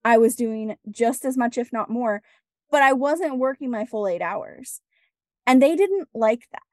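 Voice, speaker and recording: A woman with a fairly high voice shares her story as a podcast guest, chatty and animated, slipping into the voices of people she quotes. The sound is close and dry, with no room around her. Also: unhurried, dry recording. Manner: animated, acts out dialogue, laughs often. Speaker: podcast guest, business strategist. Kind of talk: casual interview storytelling.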